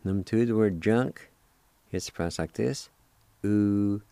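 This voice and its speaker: A man hosts a radio language lesson, patiently spelling and pronouncing words and repeating each one several times. His very low, mellow voice moves slowly, and the recording is dry and close with no echo.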